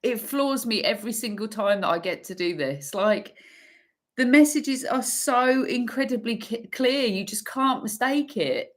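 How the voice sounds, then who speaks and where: A woman giving an intuitive tarot energy reading, emphatic and swearing freely, pausing and restarting as she pulls cards. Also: fairly high pitch, lively intonation. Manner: pauses and restarts while pulling cards. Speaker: tarot reader.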